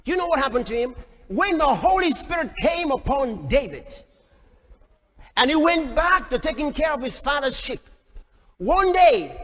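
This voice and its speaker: A male pastor preaches a fiery sermon in a very high, animated voice that swings widely. He shouts at peaks and acts out the voices in the story. The recording is dull and lo-fi, with a long hall echo and faint noise. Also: measured pace. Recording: echoey hall, dull lo-fi sound.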